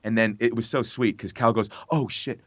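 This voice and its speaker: A male voice actor as a podcast guest, telling animated stories and swearing freely. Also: lowish voice, fairly quick, no echo. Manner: animated storyteller, swears freely, acts out his own reactions. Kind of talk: casual podcast interview.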